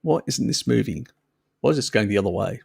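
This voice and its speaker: A man hosts a casual live stream, answering viewers and laughing freely at their comments. His voice is low and gravelly, and his delivery is unhurried. The recording is dry and close. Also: expressive, a little mellow, no room sound. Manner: chatty, laughs often, swears, reads chat aloud.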